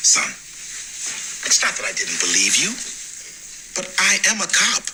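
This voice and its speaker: A man's voice: mid-range voice, wildly swooping pitch, a little slow, very noisy. An actor playing a stern police sergeant father, firm and lecturing, in a sitcom. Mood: fatherly. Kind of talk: sitcom acting.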